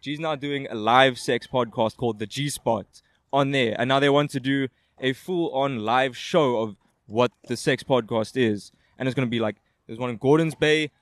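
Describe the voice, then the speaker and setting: A man's voice: mid-range voice, normal speed, no echo, studio quality. A man chatting as a guest at an outdoor interview, rambling and slangy, holding a handheld mic. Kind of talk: casual chat. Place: outdoors at a skate park. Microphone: handheld microphone.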